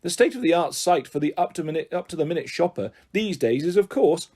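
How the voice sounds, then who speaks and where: A man's voice: on the high side, animated, fairly quick, mellow, breathy edge. A man doing a smug know-it-all boy.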